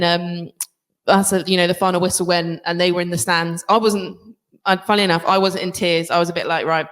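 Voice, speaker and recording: A woman rugby player and coach answering panel questions in a chatty way, with many fillers and restarts. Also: fairly low pitch.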